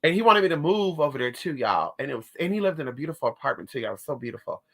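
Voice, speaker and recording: A woman's voice: sits low, very animated, racing, a bit bright. A woman telling a personal story in a sassy, dramatic way, calling her listeners honey and girl. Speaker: spiritualist vlogger. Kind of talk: casual storytelling to camera.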